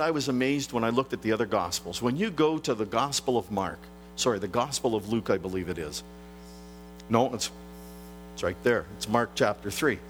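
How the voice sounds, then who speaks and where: Guy preaching a sermon, voice swoops up and down a lot, slows way down to hit the big lines, faint music and hum behind. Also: medium pitch. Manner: animated preaching with slow emphatic phrases. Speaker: pastor.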